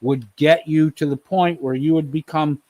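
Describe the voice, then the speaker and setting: A man's voice: on the high side, fairly even intonation, normal speed, warm tone, dry recording. A man hosting a live stream, scolding someone in a heated, profane rant and repeating his name.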